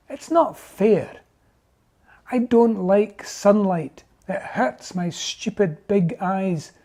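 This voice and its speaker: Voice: medium pitch, mellow. A reader voicing a miserable, self-pitying little male owl who moans and pleads, in a storybook reading. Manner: whiny, moaning, pleading.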